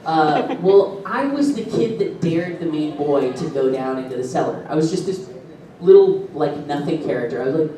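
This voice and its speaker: A middle-aged man, a voice actor, telling stories at a convention panel, animated and laughing often as he acts out what people said. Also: fairly high pitch, normal speed. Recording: echoey hall, distant mic, audible noise.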